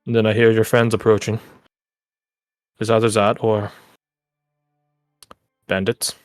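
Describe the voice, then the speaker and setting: A man's voice: lowish voice, flat delivery, slow, no room sound, faint music behind. Man voicing a curt mysterious swamp wanderer. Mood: terse. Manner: curt, grave warnings.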